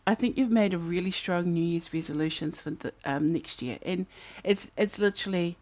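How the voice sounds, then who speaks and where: A New Zealand tarot reader with a lowish, darkish voice speaks at normal speed, chatting and musing aloud over the cards during a casual reading. She breaks into snatches of song while a fan hums in the background.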